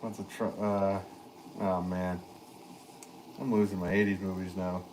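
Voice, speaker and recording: A man's voice: deep voice, little pitch movement, measured pace, a little mellow, slight background noise. A man hosting a pottery live stream, chatting casually and reading viewer comments in an easygoing, rambling way that often trails off into a chuckle.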